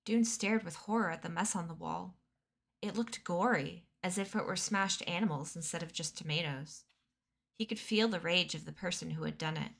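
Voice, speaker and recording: A woman reading a children's novel aloud on a cozy stream, steady and expressive. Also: on the low side, normal speed, vocal fry.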